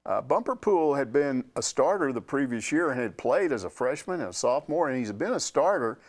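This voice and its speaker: Animated older male storyteller. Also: mid-range voice, fairly quick. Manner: animated storyteller, acts out quotes. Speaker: sports reporter answering questions. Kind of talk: casual storytelling chat.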